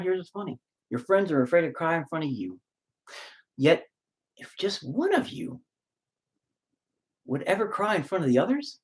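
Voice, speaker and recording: Heated, swearing man ranting with feeling. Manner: heated, profane, swings between loud outbursts and low mutters; emotional, close to tears at times. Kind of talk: unscripted rant to camera.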